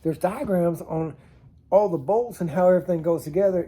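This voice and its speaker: Man rambling thru dumb stories on camera, laughs at himself, warm kinda raspy tone. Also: sits high, fairly quick. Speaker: storytelling vlogger. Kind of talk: casual storytelling to camera. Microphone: camera mic on a tilting setup.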